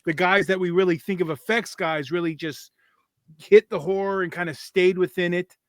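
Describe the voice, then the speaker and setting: A man's voice: high-pitched, fairly even intonation, moderate pace, no echo. Musing man on a horror podcast. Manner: musing, hedging. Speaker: podcast co-host. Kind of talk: casual chat.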